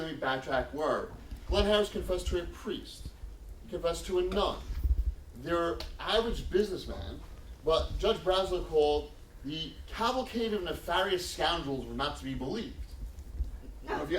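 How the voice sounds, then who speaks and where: A man with a slightly high, very lively voice tells his story to a lecture audience. He is emphatic and acts out the quotes. He is picked up from a distance in a roomy hall with faint background noise. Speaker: exonerated speaker at a college lecture. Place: lecture room.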